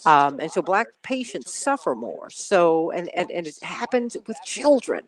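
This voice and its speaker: A woman's voice: on the low side, sing-song, unhurried. A woman hosting a radio talk show, chatting casually and greeting listeners by name before the show. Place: radio studio.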